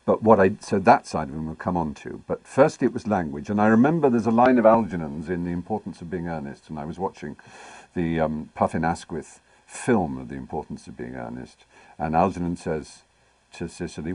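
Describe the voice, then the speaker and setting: A middle-aged man being interviewed, telling anecdotes in an articulate, wry and animated way. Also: low voice, brisk, no echo. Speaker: interview guest.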